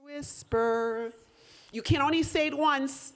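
A woman's voice: on the high side, animated, moderate pace. A woman leading a live audience through a whisper game, coaxing volunteers and laughing often. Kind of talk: lively audience participation.

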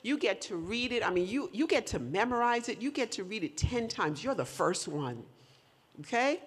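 A woman's voice: fairly high pitch, very animated, normal speed, husky. A woman leading a live audience through a whisper game, coaxing volunteers and laughing often. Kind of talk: lively audience participation.

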